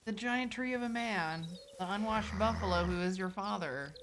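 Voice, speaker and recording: A woman's voice: mid-range voice, normal speed, background noise. A woman co-hosting a game stream, teasing her partner in casual chat. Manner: teasing, dry. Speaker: co-host. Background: game music.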